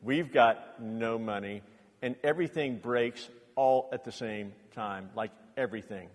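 A middle-aged man preaching a sermon as pastor, telling personal stories earnestly and rising to loud impassioned bursts. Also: medium pitch, unhurried. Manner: earnest storytelling, builds to loud impassioned outbursts. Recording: long reverb of a large hall.

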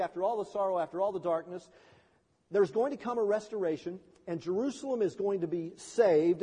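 High-pitched preacher man in a reverberant hall. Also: husky. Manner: preaching with wide swings in pitch and loudness, voicing quoted people. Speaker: pastor. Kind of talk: sermon. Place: church.

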